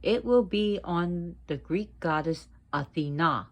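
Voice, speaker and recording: Woman, low voice, unhurried, home video presenter, careful emphatic delivery. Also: expressive. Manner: slow, deliberate, repeats pronunciations for emphasis. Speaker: video presenter on mythology and witchcraft. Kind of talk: casual educational talk to viewers.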